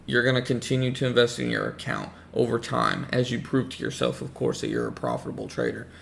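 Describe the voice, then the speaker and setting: A man hosting a casual livestream, hoarse as he loses his voice, rambling and repeating himself while greeting chat viewers. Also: mid-range voice, very animated, fairly quick, fairly bright tone, slight background noise. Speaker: livestream host talking trading.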